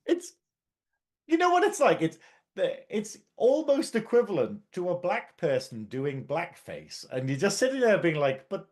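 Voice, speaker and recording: A man co-hosts a casual review podcast and teases his partner bluntly. He laughs often. His voice leaps all over its range and sits slightly high. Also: very animated, measured pace, darkish tone. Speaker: podcast co-host.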